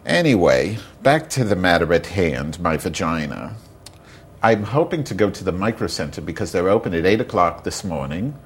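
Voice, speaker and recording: A man's voice: sits low, sing-song, moderate pace, slightly rough. A man hosting a casual solo podcast, rambling and ranting with frequent swearing. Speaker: podcast host.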